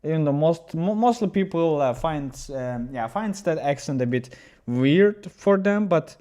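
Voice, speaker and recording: Halting male chess streamer. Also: on the high side, animated, dark tone. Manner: halting, with many restarts, chatting with viewers. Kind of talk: casual livestream chat.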